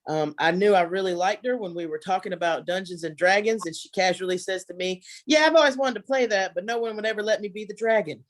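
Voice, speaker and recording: A woman's voice: medium pitch, fast talker, few pauses. A woman doing a stand-up comedy set at home, chatty and self-mocking, laughing at her own jokes. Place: home, virtual show.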